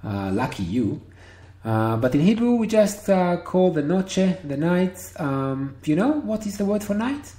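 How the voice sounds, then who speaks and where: A man teaching Hebrew one-on-one over a video call, patient and encouraging, repeating words slowly. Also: high voice, big pitch swings, mellow. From Israel. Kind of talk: one-on-one online language lesson. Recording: roomy video call audio.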